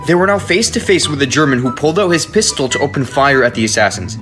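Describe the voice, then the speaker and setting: A man's voice: mid-range voice, sing-song, quick pace, over music. A man reading out a short story in a matter-of-fact way as scripted narration.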